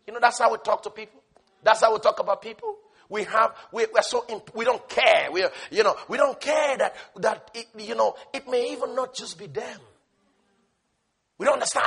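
A man delivers a sermon in a strikingly high, bright voice. A husky grain runs through his speech. He swings from loud shouted refrains to hushed asides, laughing and repeating his key words. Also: normal speed. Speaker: preacher.

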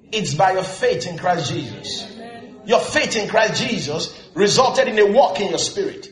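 A man preaching a sermon as pastor, asking the congregation if they are listening and breaking into shouted emphasis, recorded in a church. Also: high-pitched, moderate pace. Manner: lively preaching with frequent call-and-response questions to the congregation; frequent bursts of shouted emphasis. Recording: roomy echo of a church hall.

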